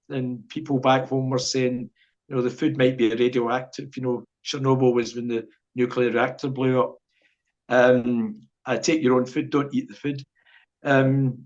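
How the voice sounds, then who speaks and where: A middle-aged Scottish man telling a long anecdote as a podcast guest, rambling and chuckling as he goes. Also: medium pitch. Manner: rambling storyteller, chuckles often. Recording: dull lo-fi podcast audio.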